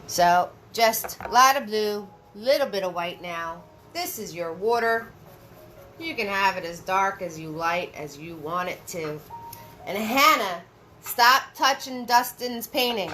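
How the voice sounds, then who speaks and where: A woman's voice: fairly low pitch, a little slow, a bit bright, slight background noise. A woman hosting a live painting lesson, giving step-by-step brush instructions, repeating her key phrases and chatting with viewers by name. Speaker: paint party instructor and host.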